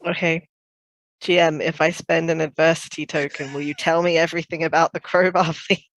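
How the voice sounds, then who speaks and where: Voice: mid-range voice, flat delivery, a little fast, fairly bright tone, no room sound. A tabletop game player who stumbles and repeats words while asking the game master a question.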